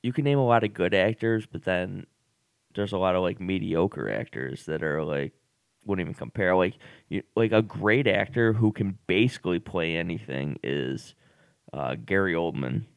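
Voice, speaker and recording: A man's voice: sits low, expressive, normal speed, vocal fry, dry recording, clean studio sound. A man co-hosting a podcast in casual chat, rambling with many fillers and restarts. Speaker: podcast co-host.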